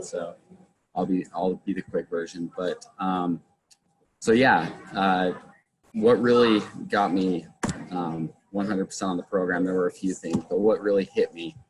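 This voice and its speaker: A man, a father, telling his story on a video call in a relaxed, joking way. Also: low voice, background noise. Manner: relaxed, joking, dry humor. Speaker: guest, father. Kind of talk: personal testimony on a video call.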